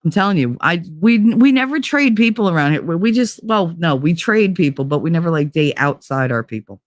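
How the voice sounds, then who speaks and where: A woman's voice: fairly low pitch, lively intonation, fairly quick, no room sound, studio quality. A woman, hosting a podcast and telling a rambling, profane story, laughing as she goes. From New Jersey. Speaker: podcast host. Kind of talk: casual storytelling chat.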